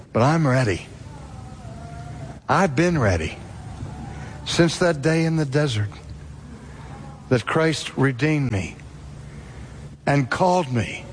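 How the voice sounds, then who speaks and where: A preacher voicing the impassioned apostle Paul. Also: male voice, mid-range voice, slight background noise. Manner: earnest, emphatic, pleading. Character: impassioned apostle pleading with his weeping friends. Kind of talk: preacher acting out a scripture quote.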